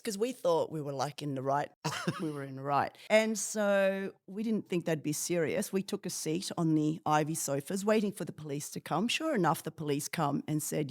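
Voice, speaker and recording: A woman of Filipino background, a padel player answering quick questions as a podcast guest, cheeky and laughing as she tells stories. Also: fairly low pitch, no echo, clean studio sound. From Philippines. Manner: cheeky, laughing, animated storytelling. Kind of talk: rapid-fire question interview.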